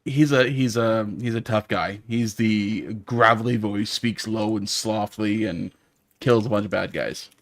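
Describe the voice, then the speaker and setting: A man's voice: lowish voice, steady tone, unhurried, dry recording. A man chatting casually on a gaming stream, rambling wryly and searching for words. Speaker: co-player reading chat.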